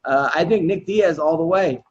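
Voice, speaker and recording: A man hosting a casual podcast with a loose, filler-heavy way of prompting his guests. His voice sits high, and the audio is slightly dull and lo-fi. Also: normal speed. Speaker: podcast host.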